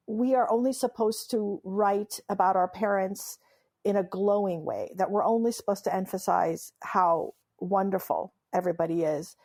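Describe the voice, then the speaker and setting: A woman from Iran, a memoirist and humorist who grew up speaking Farsi, recounts stories in a lively interview, laughing often and delivering them playfully and emphatically. Her voice is medium in pitch and a little mellow.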